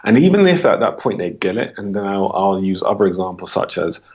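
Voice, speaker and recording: A British holistic coach speaks in a sing-song, fairly quick way while answering interview questions. Acting out what he says with clients, he raises his pitch.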